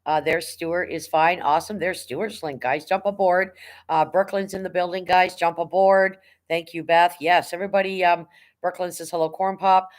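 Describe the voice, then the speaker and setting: A woman's voice: lowish voice, fairly even intonation, normal speed. Middle-aged woman, livestream host, chatty and rambling, blunt with a bit of swearing. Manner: rambling, chatty, greets viewers by name. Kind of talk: casual livestream chat.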